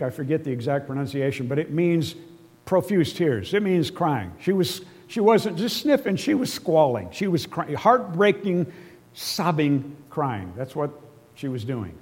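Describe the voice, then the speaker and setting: A man's voice: a little high, lively intonation, unhurried, a little mellow, slightly rough. A man preaching a sermon, explaining scripture earnestly and emotionally, with casual asides to his listeners. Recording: long reverb of a large hall.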